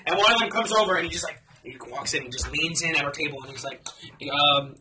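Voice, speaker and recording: A man's voice: on the high side, animated, quick pace, pushed and bright, poor audio. A man chatting casually on a podcast, rambling with lots of fillers, his voice a bit off-mic. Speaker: podcast co-host. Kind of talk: casual chat.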